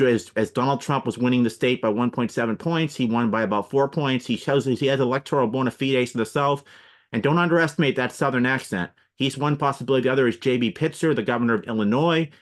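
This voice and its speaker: Fast-talking man analyzing politics. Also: mid-range voice. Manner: fast, explanatory, lists names and examples. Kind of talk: radio interview commentary.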